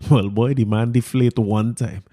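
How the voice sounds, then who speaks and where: Male podcast host, mellow voice, laughs his way through casual stories. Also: mid-range voice, moderate pace. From Trinidad and Tobago. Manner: animated, laughs often while telling a story. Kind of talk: casual storytelling monologue.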